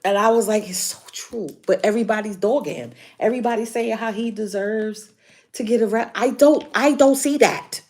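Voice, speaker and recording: A woman's voice: a little high, a little fast, a little mellow. A woman doing a casual spiritual tarot reading for her viewers, chatty and emphatic, repeating key points. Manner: chatty, emphatic repetition, frequent laughs. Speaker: tarot reader.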